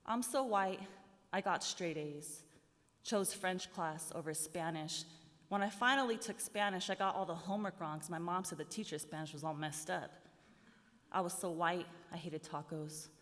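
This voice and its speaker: A woman poet reads her work live to an audience, her rhythmic, sardonic delivery building in intensity. Her voice is lowish and a bit bright, at a moderate pace, and the recording carries a long hall reverb.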